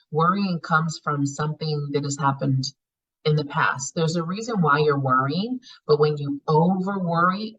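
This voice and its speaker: A woman's voice: low voice, a bit bright, husky. A woman leading a healing class in a frank, conversational way, swearing casually and acting out people's inner thoughts. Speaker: spiritual healing class facilitator. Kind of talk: casual teaching talk. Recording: muffled lo-fi class recording.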